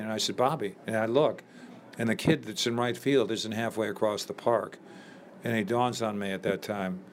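Older man telling lively stories. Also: on the low side, a little hiss or hum. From Chicago. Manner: lively anecdotal storyteller, many fillers. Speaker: interview guest, former ballplayer. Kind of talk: storytelling in a conversation.

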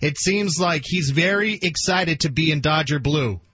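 A male radio host asks his guest questions in an easy, friendly manner. His voice sits a little high and sounds husky. The broadcast is dry and a bit dull. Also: moderate pace, pushed and bright, dry recording. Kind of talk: radio interview.

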